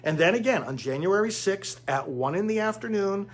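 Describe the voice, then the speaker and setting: Man, high-pitched voice, pushy political commentary, soft music underneath. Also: expressive, normal speed. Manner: urgent, insistent, addresses listeners as friends.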